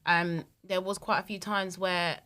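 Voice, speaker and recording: Frank young woman, low bright voice. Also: little pitch movement, measured pace. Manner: frank, opinionated, many "like" fillers. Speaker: guest. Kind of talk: casual chat.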